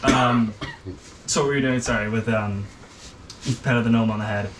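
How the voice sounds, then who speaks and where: A man running a tabletop game as game master, with a voice of middling pitch. He rambles along with plenty of ums and uhs. He sits away from the mic in a noisy room. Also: fairly even intonation, normal speed, recorded from a distance.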